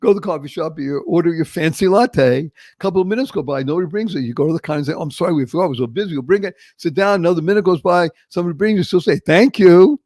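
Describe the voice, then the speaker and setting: An older man from Boston with a Boston accent, hosting a motivational interview show with animated, emphatic storytelling. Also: on the high side, very fast, hardly any pauses, no echo. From Boston, Massachusetts. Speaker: show host.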